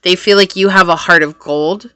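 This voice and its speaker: A woman reading tarot cards for her viewers. She talks earnestly and thinks aloud as she works through the spread, in a slightly low but bright, forceful voice. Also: steady tone, moderate pace, clean tone, no echo. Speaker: tarot reader. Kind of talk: pick-a-card tarot reading.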